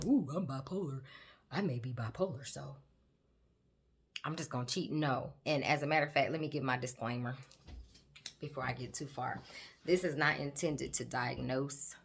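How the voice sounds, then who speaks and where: A woman with a low, gravelly voice that still has a bright edge. She talks in an animated, chatty way, speaking directly to her viewers as a nurse host while putting on her makeup. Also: slight background noise. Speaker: host, psychiatric nurse practitioner. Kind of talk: casual educational chat while doing makeup. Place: home, doing makeup on camera.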